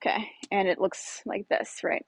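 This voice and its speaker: A woman's voice: mid-range voice, steady tone, normal speed, creaky, no echo. A woman fitness instructor in her thirties, demonstrating exercises casually with lots of fillers, slightly out of breath. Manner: casual, explanatory, many fillers.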